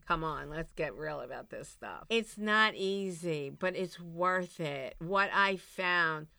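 Blunt, animated woman telling her story. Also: on the low side, no room sound. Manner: blunt, animated, swings into loud exclaims and laughs. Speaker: recovery program host. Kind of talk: candid storytelling monologue.

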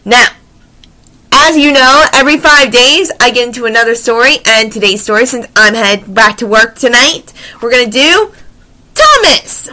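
A woman reading children's books aloud in an animated, expressive way with chatty asides. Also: a little high, moderate pace. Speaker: story reader.

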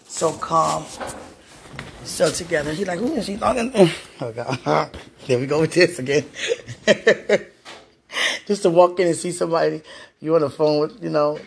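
Gravelly-voiced woman, affectionate podcast chat. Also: deep voice, a little hiss or hum. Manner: affectionate, laughs often, frequent religious exclamations. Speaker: podcast host and mother. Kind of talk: intimate one-sided podcast chat to a listener. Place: at home.

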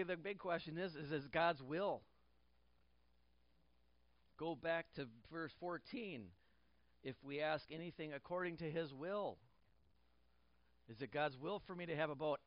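A man's voice: on the high side, measured pace, long pauses, no room sound, dull audio. A male pastor preaching a sermon in church, repeating key phrases and restarting lines, with light jokes for the congregation.

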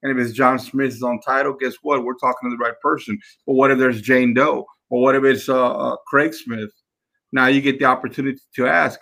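A man talks listeners through his method as a podcast host. His voice is gravelly and bright, and his delivery is emphatic, with frequent restarts and repeated phrases. He keeps calling the listeners guys. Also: medium pitch, fairly even intonation, a little fast. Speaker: podcast host and sales trainer. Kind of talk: instructional talk.

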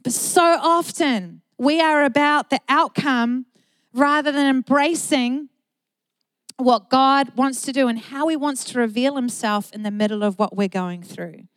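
A woman's voice: high voice, a little slow, no echo, low-quality recording. A middle-aged woman pastor, preaching a sermon in an earnest, emphatic way with repeated phrases.

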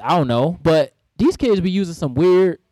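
A young man hosting a casual school panel chat, telling stories in an animated, playful way. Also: a little high, moderate pace. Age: young adult. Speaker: school staff and podcast host. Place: school room.

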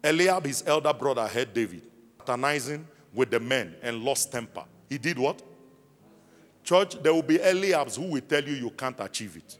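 A man's voice: mid-range voice, animated, normal speed. A man preaching a sermon to his church congregation, from South Africa, calling out questions for the people to answer back. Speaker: pastor. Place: large church hall. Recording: long hall reverb with faint music.

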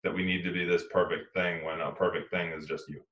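A man with a very low voice talks through a casual podcast chat in an earnest, rambling way. He restarts his sentences as he goes. The sound is roomy and echoey. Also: level tone, a little fast, a bit bright, muffled recording. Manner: earnest, rambling, self-correcting. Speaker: podcast co-host.

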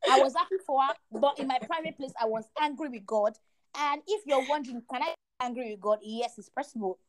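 High-voiced young woman telling faith stories. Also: a little fast, slight background noise. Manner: animated storyteller, emphatic repetition. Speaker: podcast co-host. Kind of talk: faith testimony chat.

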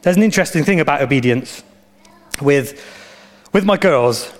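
A pastor delivers a sermon in a slightly high, animated voice. He leans on repetition and lively storytelling to drive each point home. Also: moderate pace.

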